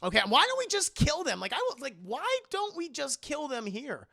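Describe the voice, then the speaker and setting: A man streaming a casual, profane scene-by-scene movie recap to his live chat, quickly acting out the characters' lines. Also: extremely high pitch, huge pitch swings, vocal fry, pushed and bright. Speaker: streamer and film reviewer.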